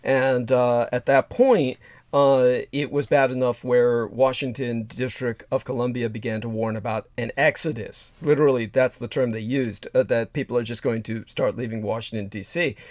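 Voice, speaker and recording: A man's voice: mid-range voice, steady tone, darkish tone, dry recording. Male livestream cohost, rambling delivery, lots of fillers, dry close sound. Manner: rambling, halting with many fillers. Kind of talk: casual livestream chat.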